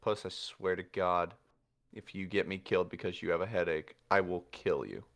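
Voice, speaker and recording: Irritable tired adventurer, low muttering tone, as a man puts him on. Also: steady tone, normal speed, fairly bright tone. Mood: irritated. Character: grumpy weary male adventurer.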